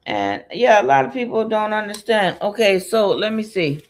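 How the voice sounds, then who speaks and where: A woman's voice: mid-range voice, lively intonation, moderate pace, slight background noise. A woman giving a casual spiritual reading, rambling and repetitive, often laughing and muttering to herself. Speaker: tarot and numerology reader.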